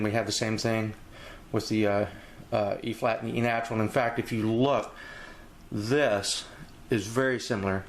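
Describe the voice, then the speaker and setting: A man teaching a jazz etude in a relaxed, rambling way, walking through the music and scatting phrases aloud. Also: medium pitch. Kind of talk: casual instructional walkthrough.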